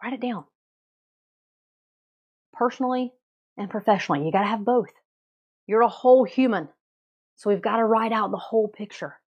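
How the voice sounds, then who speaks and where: Energetic woman coaching her listeners. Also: a little high, moderate pace, long pauses, husky, highs cut off. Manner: energetic, coaching, asks many direct questions. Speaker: podcast host and coach. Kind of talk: motivational episode, addressing listener. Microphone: podcast mic, also filmed.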